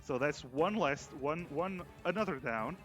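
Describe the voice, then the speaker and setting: A man's voice: on the high side, expressive, a little slow, a bit bright, soft background music. A man running a tabletop game as game master, narrating the action in a casual way with frequent fillers.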